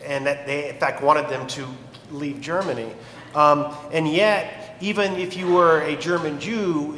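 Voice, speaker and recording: A male moderator asking an author questions on stage, in a measured, slightly hesitant way. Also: a little high, pushed and bright, slight background noise. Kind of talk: live festival interview. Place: large hall at a book festival. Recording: echoey hall with faint ambience.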